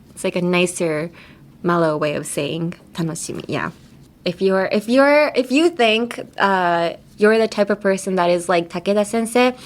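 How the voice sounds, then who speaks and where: A woman hosting an English lesson podcast in a radio studio, chatting casually, laughing often and acting out playful pronunciation demos. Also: fairly low pitch. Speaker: English teacher host. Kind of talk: casual teaching chat.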